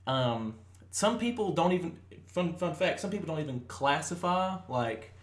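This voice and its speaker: A man's voice: fairly high pitch, animated, moderate pace, reverberant. A young man in his twenties co-hosting a casual podcast, rambling with fillers and restarts. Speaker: podcast co-host. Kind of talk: casual chat.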